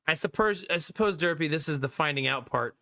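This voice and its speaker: Bright, chatty live streamer. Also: mid-range voice, a little fast. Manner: chatty, laughs often, thanks viewers. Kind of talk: casual live-stream chat with viewers.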